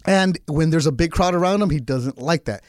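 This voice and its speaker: A man talks quickly on a sports radio show, his voice sitting a little high. He tells stories in an animated way. The studio sound is dry and close. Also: no echo. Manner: fast, animated storyteller. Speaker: guest. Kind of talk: casual sports radio chat.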